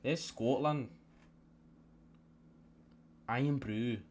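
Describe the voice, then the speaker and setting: A man's voice: medium pitch, very slow, darkish tone, a little hiss or hum. A young man casually chatting as he hosts a live football watch-along, rambling and repeating himself as he talks. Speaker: live stream host.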